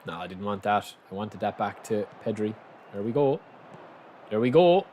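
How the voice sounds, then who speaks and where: A young man chatting casually and commentating live on his own football game, bursting into excited shouts at big moments. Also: lowish voice, normal speed, a little hiss or hum. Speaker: game streamer.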